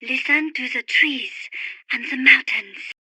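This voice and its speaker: An actress voicing a refined, dreamy young French woman birdwatcher in game radio calls, with a French accent and a breathy manner. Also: sits high, takes it slowly, bright, forceful tone, no room sound, exaggerated voice. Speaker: radio support character.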